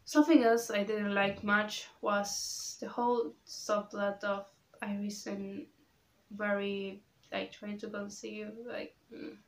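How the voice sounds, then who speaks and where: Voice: mid-range voice, level tone, slow. Rambling vlogger, roomy sound. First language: Spanish. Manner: rambling, restarts a lot, gets worked up when ranting. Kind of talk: casual opinion chat.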